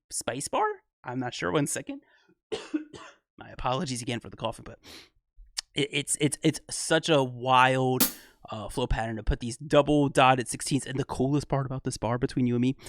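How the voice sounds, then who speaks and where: A young man hosting a music reaction channel, casually breaking down rap rhythms with excitement, laughing often and correcting himself as he goes. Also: fairly high pitch.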